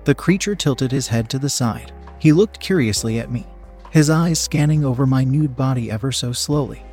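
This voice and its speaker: A man narrating a story in a steady, even reading voice. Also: mid-range voice, normal speed, slightly rough, soft background music. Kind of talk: audiobook-style story reading.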